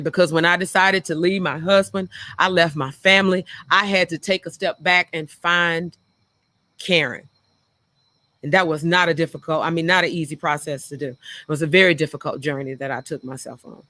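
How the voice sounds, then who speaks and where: A woman's voice: on the low side, bright, forceful tone, dry recording. A middle-aged woman hosting a talk show, speaking frankly and earnestly about her own past and repeating phrases for emphasis. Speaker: show host. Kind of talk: reflective personal talk.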